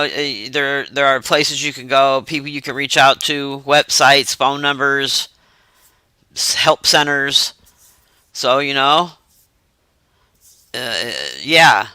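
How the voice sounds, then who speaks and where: Bright-voiced man rambling about a movie. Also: a little high, clean tone, dry recording. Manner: rambling, filler-heavy, loose slang. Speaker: movie reviewer. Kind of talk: casual movie review vlog.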